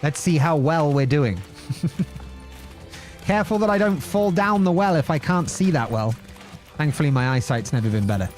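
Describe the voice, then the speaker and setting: A young man streaming gameplay, chatty and joking, his voice fairly high and swinging up and down animatedly. Faint game music plays underneath. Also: lively intonation, moderate pace, pauses often, a little mellow. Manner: playful, chatty, jokes and laughs often. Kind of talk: live-streamed gameplay commentary.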